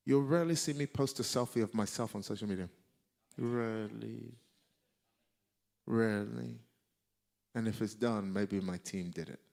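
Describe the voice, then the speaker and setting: A male preacher delivering a sermon, emphatic and repeating key lines for effect, with a gravelly voice. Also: fairly low pitch, fast, few pauses, a little mellow.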